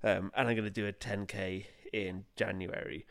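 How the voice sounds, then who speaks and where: A man's voice: fairly low pitch, little pitch movement, normal speed, gravelly, a bit bright. A young man co-hosting a podcast, rambling and laughing as he chats and narrates history. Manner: sweary, laughing, rambling banter. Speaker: podcast co-host. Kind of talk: casual chat and history narration.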